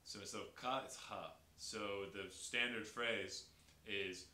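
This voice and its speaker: A man chatting energetically on a podcast, explaining language and accents with lively enthusiasm. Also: on the low side, unhurried. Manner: energetic, imitates Italian accents. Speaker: podcast guest. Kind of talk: casual podcast chat. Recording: echoey room with faint hiss.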